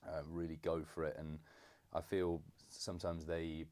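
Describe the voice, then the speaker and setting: A young man from England in a casual podcast chat with his father, halting and full of fillers. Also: very deep voice, monotone. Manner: hesitant, many fillers and restarts, warm teasing. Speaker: podcast co-host, son. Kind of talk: casual conversation.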